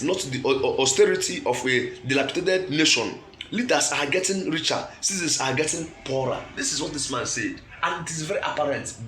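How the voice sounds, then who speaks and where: A man's voice: on the high side, pushed and bright, slight background noise. A man with a Nigerian English accent reads out a statement and comments on it emphatically, often asking himself "what?" before a key word.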